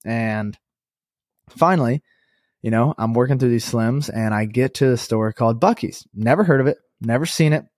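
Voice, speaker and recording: Young male podcast host, mid pitch, dry close sound, casual storyteller who corrects himself as he goes. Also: moderate pace, no echo. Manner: chatty, animated, many fillers and self-corrections. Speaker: podcast host and company co-founder.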